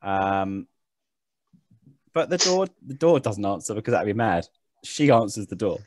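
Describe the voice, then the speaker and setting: A man's voice: on the low side, sing-song, unhurried, noisy background. A man, game master, narrating a tabletop game in a rambling, self-mocking way.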